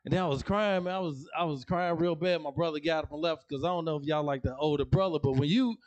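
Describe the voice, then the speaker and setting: In a comedy club, a man does a slangy stand-up routine full of family stories, acting out his relatives. His voice is on the high side and he talks quickly.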